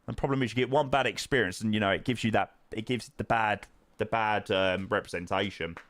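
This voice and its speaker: A man's voice: lowish voice, brisk, fairly bright tone. A young man streaming a flight sim, chatting casually with viewers in matey banter full of fillers. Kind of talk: casual live-stream chat, answering viewers.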